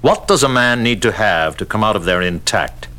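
A courteous, probing prison chief. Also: male voice, fairly low pitch, expressive, pushed and bright. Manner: measured, courteous, inquisitive. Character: polite, probing man in charge of a prison. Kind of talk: radio drama acting.

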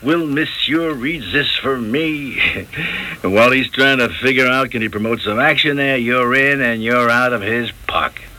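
An actor playing a slangy, smooth-talking male mob messenger in radio drama style. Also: medium pitch, moderate pace, sharp tone, rough recording. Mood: sly. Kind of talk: 1970s radio drama acting.

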